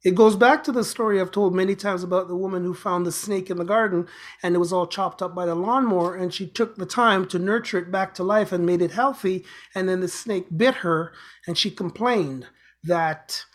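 Man, high-pitched, show host, motivational talk, earnest, repetitive exhortations. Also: moderate pace.

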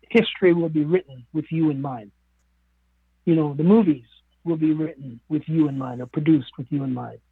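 A man's voice: high-pitched, slightly rough, no room sound. A man from the Caribbean speaking on a radio show, talking in an earnest, musing way with many fillers. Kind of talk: reflective radio talk. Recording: narrow phone-like radio sound.

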